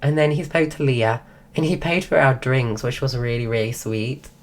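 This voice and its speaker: Very low-voiced woman losing her voice. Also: steady tone, normal speed. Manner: rambling, full of restarts. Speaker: streamer. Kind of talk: casual storytelling.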